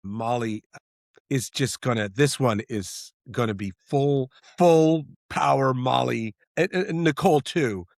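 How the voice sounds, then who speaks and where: A middle-aged man, a screenwriter and director, talking in an interview in an animated, rambling way with many restarts. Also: medium pitch, measured pace, gravelly, dry recording, clean studio sound. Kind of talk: interview conversation.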